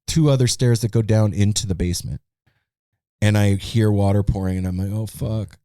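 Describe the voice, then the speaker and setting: A man's voice: lowish voice, fairly even intonation, fairly quick, mellow, clear, resonant tone, no room sound, studio quality. A man co-hosting a podcast, animatedly retelling a story in casual chat and swearing freely. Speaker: podcast co-host. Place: home podcast studio.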